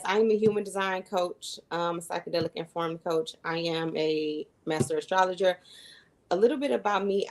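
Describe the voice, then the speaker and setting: On a rough recording, a lowish-voiced woman in her thirties, a human design coach and astrologer, is interviewed as a guest. She earnestly recounts her own story, peppering it with fillers and small quotes of things she said.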